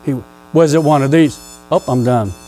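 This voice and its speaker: A male pastor preaching a sermon in a church, conversational and playful with the congregation, rising to loud emphatic questions. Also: on the high side, normal speed, soft background music, rough recording. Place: church sanctuary.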